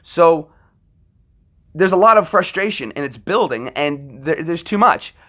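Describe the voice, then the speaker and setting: A man's voice: on the high side, expressive, measured pace, bright, forceful tone. A man who is a military veteran, ranting on a livestream in an impassioned, profane and rambling way, often restarting his sentences. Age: adult military veteran. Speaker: livestream host.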